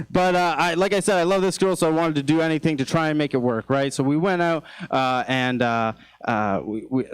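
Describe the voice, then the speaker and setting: A young man performing stand-up on a club stage, with a smooth, clean voice at a middle pitch and a close, dry sound. He rambles through his stories with plenty of "uh"s and restarts, then his voice leaps high and loud when he acts out his own shocked reactions. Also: no room sound. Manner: loose, rambling storytelling with frequent fillers and restarts; jumps high and loud for exasperated quoted outbursts. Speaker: stand-up comedian. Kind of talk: stand-up comedy set.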